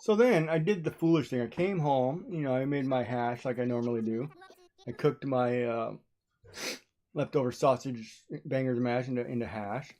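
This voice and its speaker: A woman's voice: extremely low pitch, moderate pace, mellow. A woman streamer chatting casually as she plays, telling stories with frequent laughter. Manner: chatty storytelling, laughing often. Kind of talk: casual chat while playing a game.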